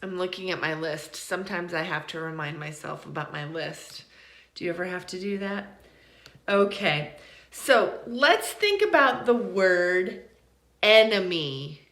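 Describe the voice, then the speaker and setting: A woman teaching English pronunciation in an online lesson, encouraging and repeating words slowly to model them. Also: fairly low pitch, fairly bright tone, echoey room.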